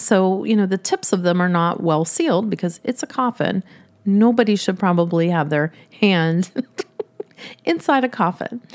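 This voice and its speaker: A woman telling a funny personal story in a lively way, often breaking into laughter as she talks. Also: mid-range voice.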